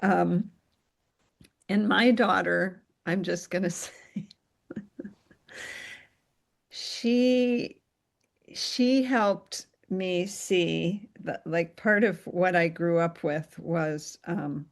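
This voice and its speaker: A woman in a candid conversation, speaking in a measured, affirming way. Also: fairly low pitch, gravelly.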